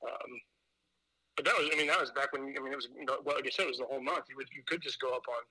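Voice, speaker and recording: A man's voice: mid-range voice, racing, bright, forceful tone, husky, dry recording, low-quality recording. A man chatting as a podcast guest, telling rambling stories full of fillers and restarts. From Indiana. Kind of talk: casual chat.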